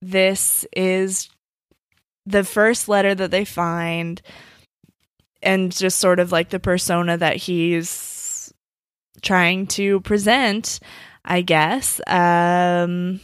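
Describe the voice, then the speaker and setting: A woman co-hosting a podcast in loose, profane chat, peppering her talk with "like." Her voice sits at an ordinary middle pitch and sounds dry and close, with no room echo. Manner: casual and profane, full of "like" fillers. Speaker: podcast co-host. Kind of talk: casual chat.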